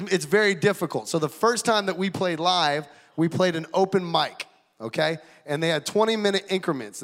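Man in his thirties, church testimony, high bright voice, long hall echo. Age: 30s. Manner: energetic, jokey, casual preacher talk. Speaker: guest speaker giving a testimony. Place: church auditorium.

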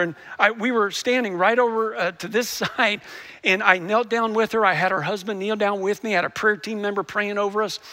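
A man's voice: high-pitched, pushed and bright. A male pastor preaching a sermon, earnestly telling a story and often restarting his sentences.

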